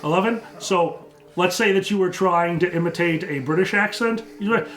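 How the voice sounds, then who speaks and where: Tabletop game master, male, a touch high, deliberate storyteller, roomy echo. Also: a bit bright, a little hiss or hum. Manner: slows down for vivid descriptive narration.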